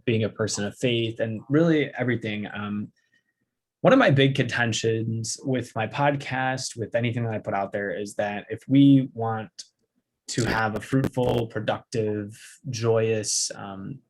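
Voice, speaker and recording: A young man hosting a podcast interview, chatty and relaxed, laughing often. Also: lowish voice, unhurried. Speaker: podcast host. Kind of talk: casual interview chat.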